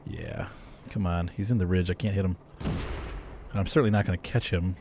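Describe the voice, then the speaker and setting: A man giving casual gameplay commentary in a relaxed, chuckling manner. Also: low-pitched, normal speed, gravelly, background noise. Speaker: game commentator.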